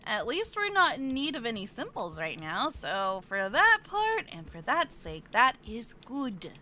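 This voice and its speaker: A woman's voice: a little high, huge pitch swings, unhurried, bright, forceful tone. A woman streaming a game live, chatting playfully with her viewers, fake-whining and squealing at what happens on screen. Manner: playful, chatty, reads chat aloud.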